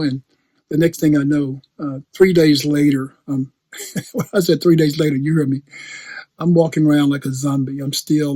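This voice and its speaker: Male preacher, breathy tone, dry close sound; loose, storytelling sermon delivery with restarts. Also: on the high side, dark tone, dry recording. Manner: chatty, laughs often, repeats and restarts phrases. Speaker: pastor. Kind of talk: conversational sermon.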